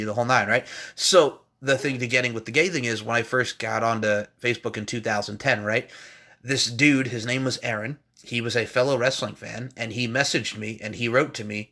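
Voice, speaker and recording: Bright-voiced animated male podcast host. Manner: animated, jumps into high-pitched laughing exclamations. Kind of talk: casual podcast chat.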